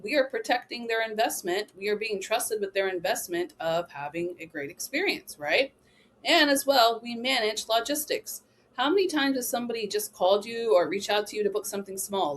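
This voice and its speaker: A woman's voice: mid-range voice, slight background noise. A young adult woman giving a chatty, emphatic training talk to travel agents, often checking in with "right?" and "okay?".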